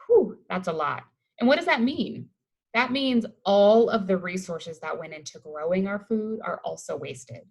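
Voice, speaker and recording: A woman's voice: medium pitch, lively intonation, moderate pace, poor audio. A woman from Colorado, a waste-reduction educator, giving an upbeat, conversational webinar presentation over a video call. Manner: upbeat, conversational, enthusiastic about the topic.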